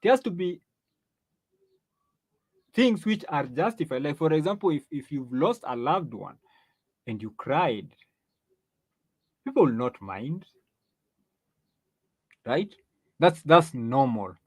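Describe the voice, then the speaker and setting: A man with a somewhat high voice delivers a lecturing monologue as host. He leans on rhetorical questions and drags out key phrases for emphasis, often restarting mid-sentence. The sound is dry, with no room echo. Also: big pitch swings, takes it slowly, long pauses, a little mellow, husky. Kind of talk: opinion monologue.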